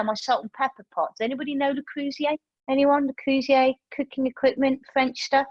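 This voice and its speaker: A woman, leading a yoga class over a video call and telling a lively story, acting out her own reactions. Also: fairly high pitch, no echo, dull audio. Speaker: yoga teacher. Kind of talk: chatty class talk with a personal story. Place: room used for online classes.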